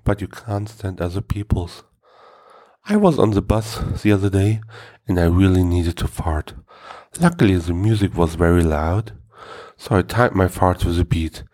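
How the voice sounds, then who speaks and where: Low-voiced man reading jokes. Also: darkish tone, no echo, clean studio sound. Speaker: comedy show host.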